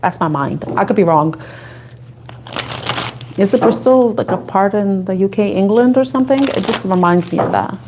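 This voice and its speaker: A woman from the Bronx with a New York accent, chatting and thinking out loud as she gives a live tarot reading to viewers. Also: mid-range voice, expressive, moderate pace, background noise. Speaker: tarot reader.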